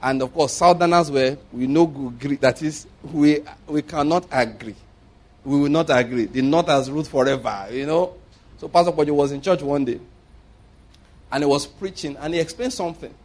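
A middle-aged Nigerian man preaching a sermon, telling stories and swinging between loud emphasis and quiet asides. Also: on the high side, moderate pace.

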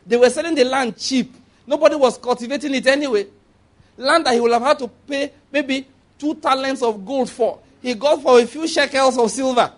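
A man's voice: very high-pitched, normal speed. A man with a Nigerian accent preaching a sermon in a conversational way, asking the congregation for responses and laughing at his own asides.

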